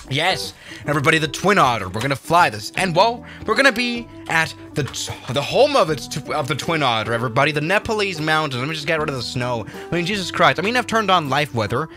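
A man chatting excitably through a flight simulator livestream, often restarting his sentences. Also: a little high, fast, music in the background. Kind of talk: casual livestream commentary.

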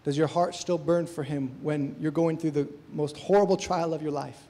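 Earnest preacher with a warm voice. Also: male voice, on the high side, fairly even intonation, moderate pace. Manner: earnest, presses listeners with questions. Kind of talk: sermon. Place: church service with a band. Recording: long hall reverb.

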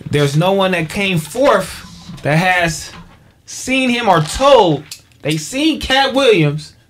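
A man's voice: sits high, lively intonation, slow pace, soft background music. A man hosting a casual podcast chat, loose and rambling, full of "you know what I'm saying.". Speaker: podcast host.

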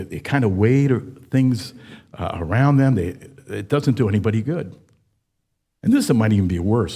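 A man in his seventies preaching a sermon, telling folksy stories with frequent pauses and fillers. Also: fairly low pitch, warm tone, husky. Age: 70s. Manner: folksy storytelling, with many uh fillers. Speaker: pastor.

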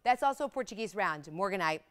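A woman hosting live jewelry sales, talking in fast, excited hard-sell patter. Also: medium pitch. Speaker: shopping channel host.

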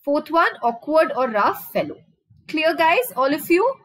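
A woman teacher with an Indian accent runs a live online vocabulary lesson for exam prep, mixing Hindi and English and repeatedly asking students for answers. Her voice sits high, bright, with big pitch swings, and she stretches out fillers while thinking. The recording is rough.

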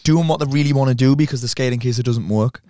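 A man hosting a podcast, chipping in with quick reactions and eager questions. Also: mid-range voice, mellow, no echo, studio quality. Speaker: podcast host. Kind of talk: casual interview chat.

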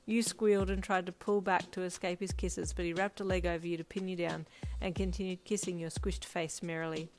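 A woman narrates a fanfiction audiobook in steady storytelling fashion. Her voice sits fairly low for a woman, and quiet lo-fi drum music plays underneath. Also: fairly quick. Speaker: fanfiction reader. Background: faint lo-fi drum music.

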